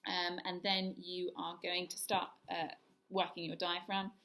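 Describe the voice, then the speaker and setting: Woman leading a vocal warm-up. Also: lowish voice, flat delivery, a little slow. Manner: demonstrates yawns, hisses, hums and sirens; instructive, step-by-step. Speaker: voice coach.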